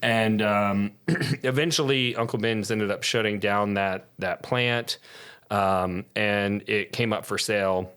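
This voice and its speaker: A man who is a podcast guest, telling a long anecdote in casual, lively style and cursing freely. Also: on the low side, slow pace, smooth. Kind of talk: casual storytelling.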